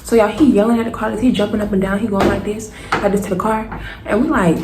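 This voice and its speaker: A young woman telling a storytime to her viewers, animated and casual, addressing them directly. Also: mid-range voice, brisk. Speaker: vlogger. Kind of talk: storytime vlog. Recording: roomy echo, faint noise.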